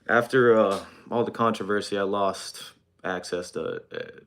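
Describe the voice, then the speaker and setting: A young man livestreaming from his phone, speaking in a halting, hesitant, deadpan mock-sincere apology while reading chat. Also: lowish voice.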